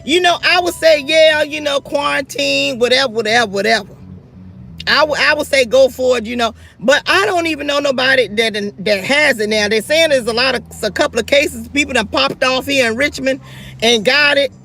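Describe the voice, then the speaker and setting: A woman's voice: high-pitched, moderate pace, a bit bright. A middle-aged woman, ranting fierily and profanely on her livestream and talking straight to her viewers. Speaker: livestream host. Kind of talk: livestream rant.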